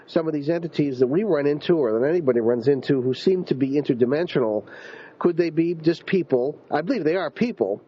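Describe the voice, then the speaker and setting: A man's voice: fairly high pitch, animated, brisk, breathy edge. Male host, casual rambling delivery, dull radio recording. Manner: rambling, with frequent ums and restarts.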